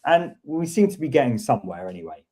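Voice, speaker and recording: A man's voice: medium pitch, very animated, quick pace, a little mellow. A man hosting a casual coding chat, thinking aloud and rambling with many restarts. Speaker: host teaching coding. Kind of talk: casual screen-share chat.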